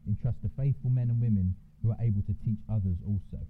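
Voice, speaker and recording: An English preacher with a lowish voice talks fast in a conversational sermon, informally checking in with his listeners. The audio sounds like a phone and was captured in a noisy church.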